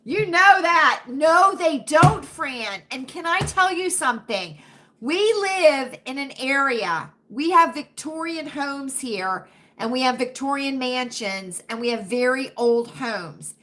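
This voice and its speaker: A middle-aged woman chats with her livestream viewers in an unhurried, drawn-out way. Her voice sits high and sounds bright and a little sharp, and she keeps breaking off to answer her chat with emphatic asides. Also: lively intonation. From United States. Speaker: livestream host.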